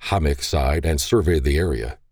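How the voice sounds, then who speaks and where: Male audiobook narrator, very low, mellow tone, animated delivery. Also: normal speed, dry recording, studio quality. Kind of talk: scripted narration.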